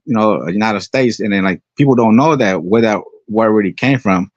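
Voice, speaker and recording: A man's voice: lowish voice, moderate pace, no echo. A man from the Bay Area with Bay Area slang, talking in a laid-back, slangy casual chat. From Bay Area, California. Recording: dry, lo-fi audio.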